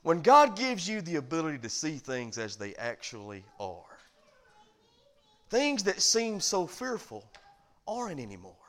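A man pastor preaching a sermon, animated and calling for amens. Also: fairly high pitch, unhurried. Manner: animated preaching, calls for amen.

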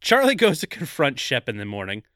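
A man's voice: medium pitch, wildly swooping pitch, fairly quick, bright, forceful tone, no room sound. A man co-hosting a podcast, casually retelling a movie's plot with dry comic asides. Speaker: podcast co-host. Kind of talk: casual comedic movie recap.

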